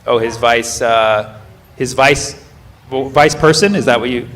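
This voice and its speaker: A man from the United States doing stand-up crowd work, questioning the audience in a quick, playful way. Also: mid-range voice. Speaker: stand-up comedian. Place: comedy club with a live audience. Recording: live stage recording with crowd noise.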